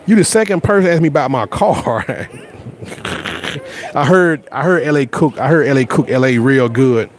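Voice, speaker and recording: A man's voice: mid-range voice, expressive, brisk, hardly any pauses. Rambling Southern man on a livestream. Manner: rambling, repeats words and restarts often; blunt and boastful. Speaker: livestream host. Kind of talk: casual live chat with viewers.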